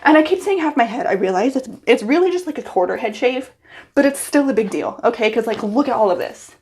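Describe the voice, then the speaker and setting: A young woman, a hairstylist, talks to her phone in her bathroom at home, nervous and giggly as she chats to herself in casual vlog style. Her voice is fairly high and a bit darkish in tone, and she speaks animatedly at a quick pace.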